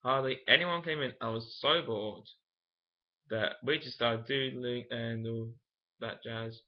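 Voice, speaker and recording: A man's voice: medium pitch, measured pace. A young man, telling a personal story to camera in a frank, emotional, rambling way. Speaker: vlogger. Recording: dull lo-fi camera audio.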